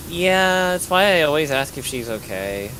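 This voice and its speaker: A man's voice: on the high side, very animated, moderate pace, pushed and bright. A young man guesting on a game stream, joking and teasing his co-host in casual chat. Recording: noisy hissing mic.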